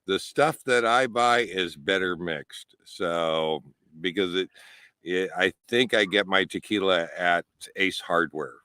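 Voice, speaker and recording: Male livestream host, low and slow, rambling and chuckling as he talks to viewers, dry sound. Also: bright, forceful tone, clear, resonant tone, no room sound. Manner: rambling, chuckling, restarts often. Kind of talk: casual live chat with viewers. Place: outdoors at a desert campsite.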